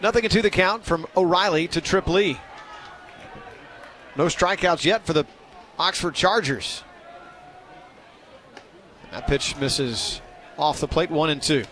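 Play-by-play man, a touch high, loose and chatty, pumps up on strikeouts. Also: unhurried, pauses often. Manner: chatty, self-deprecating, excitable on big plays. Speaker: play-by-play announcer. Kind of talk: baseball play-by-play commentary.

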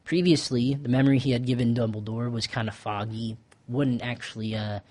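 A man's voice: mid-range voice, fairly even intonation, brisk, a little mellow, dry recording. Laid-back young man recapping with fillers. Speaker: podcast host. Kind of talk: casual chat.

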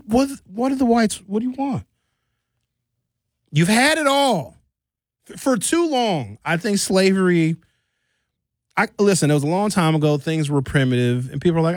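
Joking rambling man, dry studio sound. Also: no echo. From Milwaukee, United States. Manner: rambling, joking, swings pitch for effect. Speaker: radio show host. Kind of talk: casual comedic studio chat. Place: radio studio.

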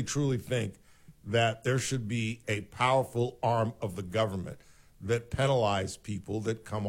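A middle-aged man hosting a talk radio show, speaking in an indignant, emphatic way. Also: mid-range voice.

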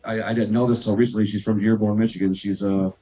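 A man's voice: lowish voice, little pitch movement, quick pace, warm tone, lo-fi sound. A man hosting a casual chat in a venue's green room, rambling and repeating himself as he talks. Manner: chatty, rambling, repeats words like "right, right". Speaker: podcast host.

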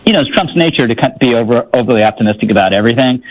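A man's voice: mid-range voice, lively intonation, racing, rough recording. A man giving political commentary on a talk radio show, wry and skeptical, often restarting his sentences.

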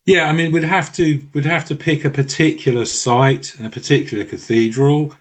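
A man appearing as a guest on a radio show, explaining things in a careful, measured, sometimes halting way. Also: fairly high pitch, steady tone. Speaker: studio guest. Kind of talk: radio interview.

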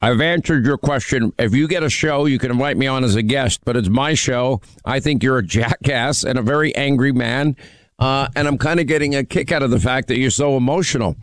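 A man's voice: medium pitch, brisk, dry recording. A man hosting a call-in radio show, needling and mocking a caller in a brash, combative way. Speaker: radio talk show host. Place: radio studio.

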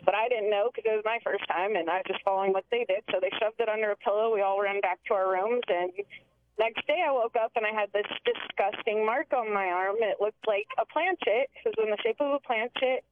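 A woman's voice: mid-range voice, fairly quick. A woman calling in to a talk show, telling a long story in a chatty, rambling way over the phone. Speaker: caller. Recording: tinny phone line with faint hiss.

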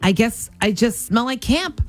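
A woman's voice: fairly high pitch, expressive, measured pace, soft background music. A woman playing an eager kid back from camp. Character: kid home from summer camp. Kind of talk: radio comedy sketch.

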